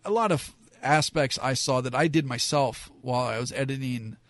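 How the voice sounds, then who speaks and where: Casual male opinion host, frank and rambling, mid-pitched, dry room. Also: normal speed, fairly bright tone, dry recording. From Southern California. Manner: rambling, frank, many fillers. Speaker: wrestling commentator.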